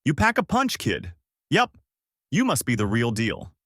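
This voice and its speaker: A big, good-natured king with a hearty, chatty way of talking, as a man reads him out. His voice is medium in pitch and swings widely up and down. The sound is dry and close. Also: wildly swooping pitch, a little slow, fairly bright tone, dry recording, heavily acted. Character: huge burly kindly male king.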